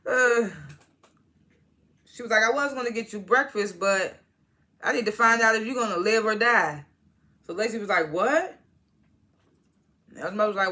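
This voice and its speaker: A woman's voice: mid-range voice, unhurried, pauses often, sharp tone. A woman casually recapping a TV episode, retelling scenes by quoting each character in turn and laughing at them. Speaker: TV show reviewer.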